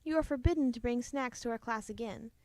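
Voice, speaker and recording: A prim, stern storybook schoolteacher, high and indignant, guarding her class, as a woman reader plays her. The sound is close and dry. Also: brisk, a little mellow, no echo, natural voice. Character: stern protective kindergarten teacher, prim. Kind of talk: storybook read-aloud.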